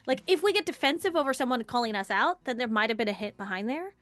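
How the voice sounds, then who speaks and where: A woman's voice: on the high side, fast, faint music behind. A woman leading a live online workshop in a casual, chatty way, acting out quoted lines in playful voices. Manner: animated, acts out quoted dialogue in voices; casual, conversational, chatty asides. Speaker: workshop leader.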